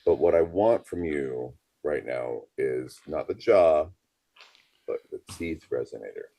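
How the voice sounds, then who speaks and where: A man with a very deep voice, co-hosting a comedy podcast. He plays a deadpan vocal coach and teases his partner in a dry, playful way. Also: a little slow, vocal fry, no room sound. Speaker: podcast co-host. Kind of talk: comedic banter.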